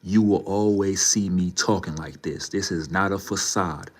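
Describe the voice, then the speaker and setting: A man's voice: low voice, moderate pace. A man livestreaming, talking casually and emphatically to his chat, repeating his points as he lectures the viewers. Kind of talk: casual live-stream talk to chat.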